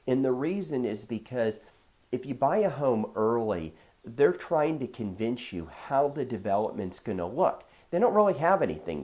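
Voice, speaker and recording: A real estate agent talks through casual advice and stories from his deals, acting out what people said and filling his speech with fillers in a conversational manner. His voice is medium in pitch and a little mellow.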